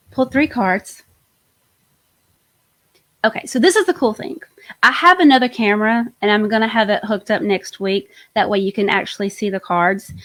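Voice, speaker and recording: Woman reading tarot live, gushy and chatty, lots of trailing off, close mic. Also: mid-range voice. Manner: warm, chatty, enthusiastic, trails off and restarts. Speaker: host, tarot reader.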